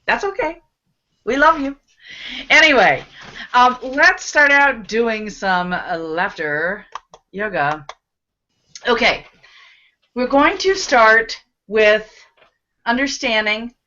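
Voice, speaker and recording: A woman's voice: a little high, animated, takes it slowly, pauses often, bright, forceful tone, highs cut off. A woman hosting and leading a live online laughter yoga session, cheering people on, laughing and giving encouraging instructions over a video call.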